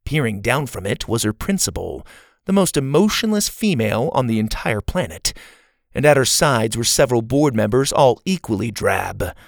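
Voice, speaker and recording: A man reading a children's story aloud in expressive, scripted narration. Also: medium pitch, moderate pace, gravelly, dry recording, clean studio sound. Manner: expressive, varied delivery.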